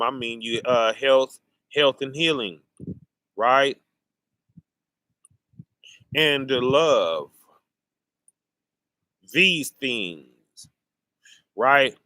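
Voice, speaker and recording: Male preacher, high bright voice, slow call-and-response delivery, dry close recording. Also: no echo. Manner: preachy call-and-response, keeps asking "right?" and "y'all". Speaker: street preacher. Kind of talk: sermon.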